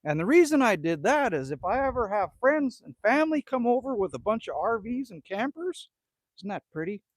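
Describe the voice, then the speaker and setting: A man's voice: high voice, no echo. A middle-aged man from Canada hosting a casual live stream outdoors at his rural cabin, ranting, joking and greeting viewers by name. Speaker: livestream host.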